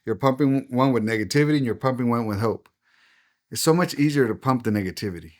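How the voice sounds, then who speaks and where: A man's voice: medium pitch, quick pace. Earnest preacherly man. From United States. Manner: earnest, preacherly, acts out quoted voices. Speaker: pastor and guest. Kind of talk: casual podcast conversation.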